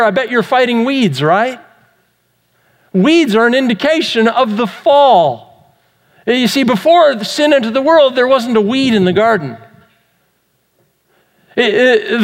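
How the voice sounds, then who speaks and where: A man with a high voice delivers an earnest Sunday sermon as the pastor. He keeps asking rhetorical questions as he preaches. His voice rings out with a long reverb, as in a church sanctuary. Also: a bit bright.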